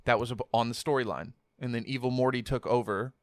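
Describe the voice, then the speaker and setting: A man's voice: mid-range voice, fairly even intonation, fast, no room sound, studio quality. A man co-hosting a casual podcast, ranting his opinions with a lot of swearing. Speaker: podcast co-host. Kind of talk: casual chat. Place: home podcast setup. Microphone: studio mic turned sideways.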